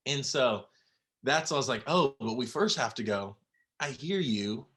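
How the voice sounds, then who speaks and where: Young man guest, bright forceful voice, halting, near tears. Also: medium pitch, lively intonation. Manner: halting, many fillers and restarts. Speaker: podcast guest. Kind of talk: emotional personal storytelling.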